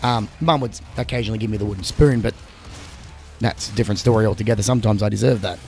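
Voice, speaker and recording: Brief: Aussie gamer guy, gravelly and a bit croaky, rambling casual storyteller. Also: lowish voice, fast, a little mellow, faint music behind. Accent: Australian. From Australia. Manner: rambling storyteller, crude humour. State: sore throat. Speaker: gaming video co-host. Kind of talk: casual gameplay chat.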